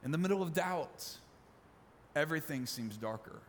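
A man, a pastor preaching a sermon with emphatic repetition and dramatic pauses, recorded in a church sanctuary. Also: on the high side, expressive, slight background noise. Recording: long reverb of a large hall.

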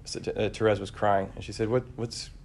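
A man preaching a conversational homily, relaxed and searching, with frequent fillers and restarts. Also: fairly low pitch, brisk, slight background noise.

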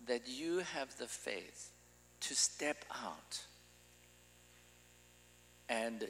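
A man gives a slow, unhurried sermon, teaching in a loose and conversational way. He often circles back and restarts his sentences. His voice rings out with a long reverb, as if in a large hall. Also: medium pitch, very animated, a bit bright, a little hiss or hum. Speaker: preacher.

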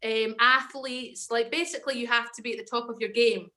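A woman's voice: on the high side, steady tone, a little fast, sharp tone. A young Scottish woman, an actress and comedian, chatting as a podcast guest and telling stories with confident enthusiasm. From Scotland. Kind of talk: casual podcast chat.

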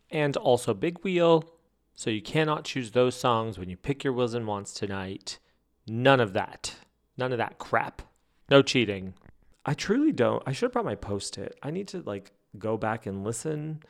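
A man hosting a fan podcast, telling stories and chatting in a gossipy, animated way that breaks into laughs. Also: mid-range voice, gravelly. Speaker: podcast host. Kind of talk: casual chat.

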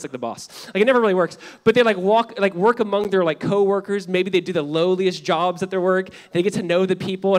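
High-voiced animated man preaching. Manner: animated and conversational, swinging between loud emphasis and hushed lines; casual, frequent "like" fillers and wry asides. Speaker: pastor. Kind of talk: sermon.

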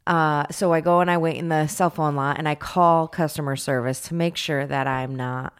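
A woman with a notably low voice, casually recounting a mishap in a rambling, self-deprecating way. She tells the story loosely and chattily, with plenty of asides. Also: steady tone, normal speed, clear, resonant tone.

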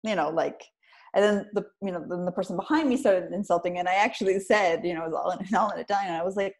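Woman, podcast guest, lowish voice, thoughtful, hesitant, casual chat. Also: fast talker, darkish tone. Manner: thoughtful, hesitant, many restarts. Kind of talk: casual conversation.

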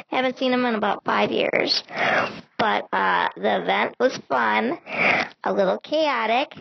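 A woman's voice: on the high side, vocal fry, dull audio. A middle-aged woman hosting a casual travel vlog, chatting in a rambling way with many ums. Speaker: vlog host.

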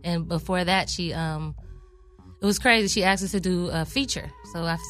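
A woman, a singer and songwriter, telling her story in a lively, casual interview and acting out the voices of the people she quotes. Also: normal speed, faint music behind. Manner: acts out quoted voices, pitch jumping high; lively, laughing, talks to listeners as y'all. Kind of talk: animated storytelling in casual chat.

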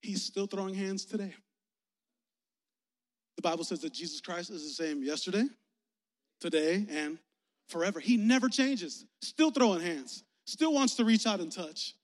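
A man's voice: high voice, expressive, moderate pace, long pauses. A man, a youth pastor, preaching a personal, conversational sermon, candid and emotional, talking straight to the crowd. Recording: long hall reverb.

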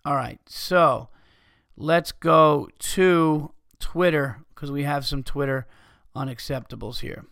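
Gravelly guy on his podcast reading listener stuff, swears a lot, trips over the words. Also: fairly high pitch, slow pace, fairly bright tone, no room sound, clean studio sound. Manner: profane, loose, stumbling over reading. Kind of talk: casual podcast chat.

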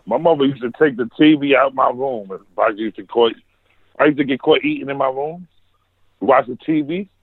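A Harlem man with a New York accent tells stories in slang during a laid-back, casual chat from his home basement. His mid-range voice moves at normal speed, captured dry over a tinny, phone-like line.

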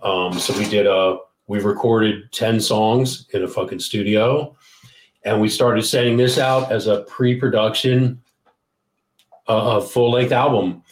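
A man from Maryland, a guest musician, telling rambling, animated stories in a casual interview. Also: fairly low pitch, measured pace, roomy sound.

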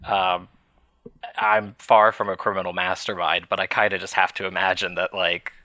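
A man's voice: low-pitched, flat delivery, moderate pace, bright, forceful tone, no room sound. A man co-hosting a podcast in casual chat, rambling with fillers and small laughs. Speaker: podcast co-host.

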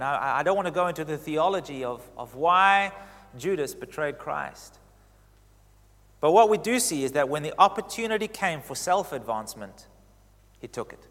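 A man preaching in a large hall, and his voice trails off into a long reverb. His voice sits fairly high for a man. He gets animated, with sudden swings in pitch and loudness as he makes his points. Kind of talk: sermon.

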